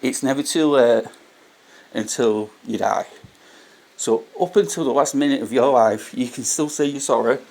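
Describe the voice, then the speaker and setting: A man with a voice of ordinary pitch speaks earnestly and unscripted about faith. He circles back to his main points and often restarts his sentences as he talks. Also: moderate pace, creaky, a little mellow. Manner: earnest, repeats key points, frequent restarts. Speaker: vlogger sharing faith reflections. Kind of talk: casual spoken reflection to camera.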